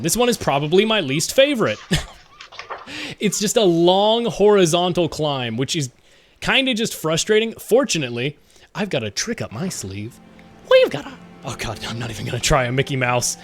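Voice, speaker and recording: Male streamer, slightly high voice, rambling, self-mocking commentary. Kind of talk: casual gameplay commentary.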